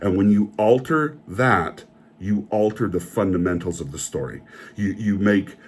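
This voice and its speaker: A man's voice: lowish voice, a little slow, breathy edge. A man delivering an opinionated, indignant rant as a film reviewer, often repeating himself.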